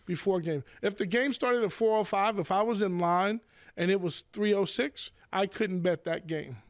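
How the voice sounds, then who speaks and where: A man, a professional sports bettor, telling casual stories with swearing, restarts and loud acted-out quotes. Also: sits high, moderate pace, no room sound, studio quality. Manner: animated, repeats words, swears, acts out quotes in raised voice. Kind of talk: casual storytelling.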